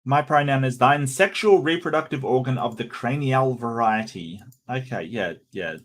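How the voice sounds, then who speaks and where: A man's voice: medium pitch, moderate pace. A man with an Australian accent hosting a casual livestream, chatting and joking with viewers and often stammering and restarting. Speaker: streamer host.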